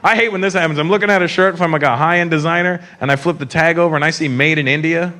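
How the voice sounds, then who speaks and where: Performing live in a large arena, a male stand-up comedian is brash and profane, repeatedly slipping into mocking character voices. His voice is a little high with fairly even intonation, he talks fast, and loud crowd laughter fills the recording.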